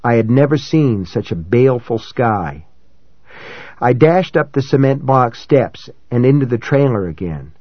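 A man reading a novel aloud in first person, in a measured, dramatic way that rises for shouted dialogue. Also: mid-range voice, expressive, no echo, lo-fi sound. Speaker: audiobook narrator. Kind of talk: scripted first-person narration.

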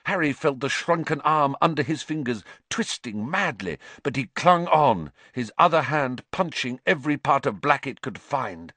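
A man reading a story aloud with dramatic, expressive narration. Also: medium pitch, normal speed, hardly any pauses, no room sound. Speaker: audiobook narrator. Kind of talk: scripted narration.

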